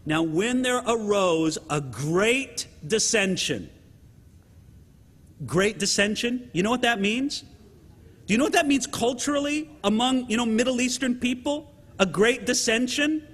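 A man preaching a sermon to his congregation in an animated way, often checking in with the listeners by asking "right?". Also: very high voice, normal speed, slightly rough, big-room sound. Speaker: pastor.

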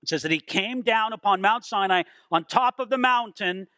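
Animated high-voiced male preacher. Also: dry recording. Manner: animated preaching with acted quotes, dramatic slowdowns. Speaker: pastor. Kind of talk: sermon.

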